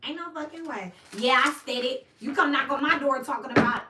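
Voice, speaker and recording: A woman giving a casual tarot reading, animated and swearing, acting out little scenes as she talks. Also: high voice, brisk, few pauses. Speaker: tarot reader. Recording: echoey room, mic at a distance, noisy.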